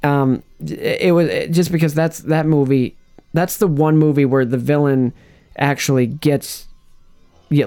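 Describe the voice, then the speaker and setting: Ranking movie villains in a loose podcast chat, a male host wanders off track, restarts his sentences, and laughs a lot. He has a smooth, dark, mid-range voice.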